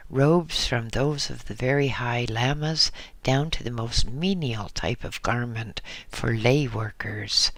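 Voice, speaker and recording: Slow, gravelly man reading a memoir aloud. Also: mid-range voice, sharp tone, no room sound. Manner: measured, unhurried reading. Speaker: audiobook reader. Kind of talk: first-person audiobook narration.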